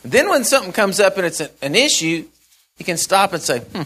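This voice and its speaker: A man preaching a sermon in a folksy storytelling way, acting out the characters and repeating phrases, swinging from loud to soft. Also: high voice, big pitch swings, moderate pace, husky.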